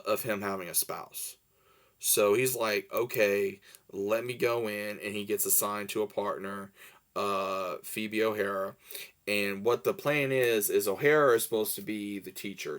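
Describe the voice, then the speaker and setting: Man, low-pitched, casual movie reviewer, loose and rambling, full of "um" and "you know", excited about the film. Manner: rambling, many fillers and restarts; enthusiastic, laughs while recalling scenes.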